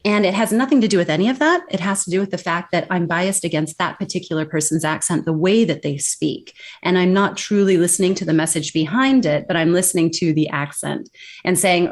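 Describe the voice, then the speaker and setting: An American woman explaining workplace communication in an emphatic, animated interview style. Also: fairly low pitch, brisk. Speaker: accent and communication expert guest. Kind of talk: interview answers.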